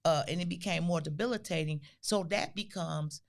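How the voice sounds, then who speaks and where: An older woman with a gravelly, lowish voice co-hosts a podcast, chatting casually through stories at a normal speed. She's an animated storyteller who acts out the quotes.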